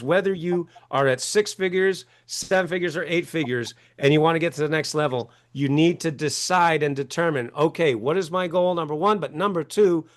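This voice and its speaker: A man guest on an interview show, talking emphatically, acting out quoted voices and often asking "right?". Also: on the high side. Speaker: author and coach, guest. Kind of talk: animated interview talk.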